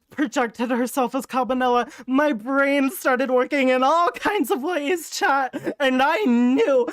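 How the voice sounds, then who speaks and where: Excitable high-voiced young woman streamer. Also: no room sound, studio quality. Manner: excitable, swears, laughs often. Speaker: streamer playing a game. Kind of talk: casual let's-play commentary.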